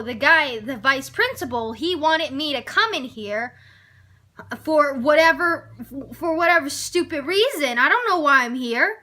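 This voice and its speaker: A teenage girl with a high, bright voice tells a school story as a casual rant. She sounds exasperated and animated and swears freely. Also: a little slow. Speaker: vlogger telling a story.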